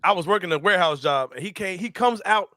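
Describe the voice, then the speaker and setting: A young man hosting a casual sports talk show, telling stories loudly, laughing often and swearing freely. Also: high voice, fast, no room sound, clean studio sound. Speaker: host.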